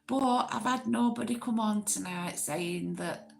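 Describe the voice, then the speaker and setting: Chatty Greater Manchester woman, creaky voice. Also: medium pitch, a little slow. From Oldham, England. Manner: chatty, rambling with fillers and restarts. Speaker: livestream host. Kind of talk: casual live chat reading comments.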